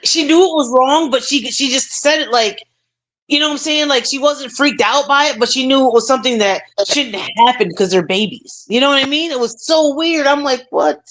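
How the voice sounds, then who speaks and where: A woman hosting a casual talk stream, telling stories in a lively way with plenty of fillers. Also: high voice, fairly quick. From United States. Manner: animated storytelling with many fillers. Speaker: stream host. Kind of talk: casual chat.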